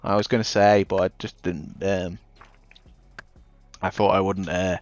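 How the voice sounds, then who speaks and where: Streaming a game, a young Scouse man from Liverpool chats in a deep, unhurried voice with little pitch movement. His talk rambles and he interrupts himself mid-sentence; the dull, dry stream audio has no room sound and faint music in the background.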